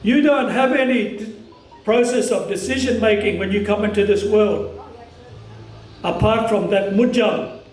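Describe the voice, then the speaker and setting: An Australian man from the Cairns region giving an impassioned public speech at a commemoration, talking strong and forceful in halting phrases. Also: high-pitched, reverberant, distant mic, slight background noise, poor audio. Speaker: community speaker at a commemoration.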